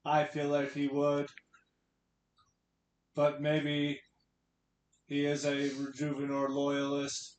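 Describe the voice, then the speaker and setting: Lost android man, hesitant and halting, slightly high voice, echoey room, as a player voices him. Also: completely flat delivery. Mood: unsure.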